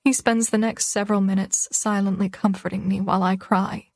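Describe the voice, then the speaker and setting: A woman's voice: mid-range voice, flat delivery, a little fast, no echo, studio quality. A young woman reads a first-person romance audiobook, her delivery emotional and tearful. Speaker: audiobook narrator.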